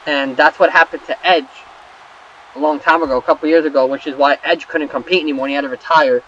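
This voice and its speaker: A young man casually recapping wrestling results while playing a game, rambling and swearing with excitable asides. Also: on the high side, fast talker, muffled recording, slight background noise. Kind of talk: casual recap over gameplay.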